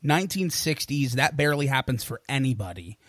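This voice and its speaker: A man's voice: medium pitch, big pitch swings, brisk, fairly bright tone, no echo, clean studio sound. A man co-hosting a music podcast, chatting casually with easygoing, emphatic remarks. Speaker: podcast co-host. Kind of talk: casual music review chat.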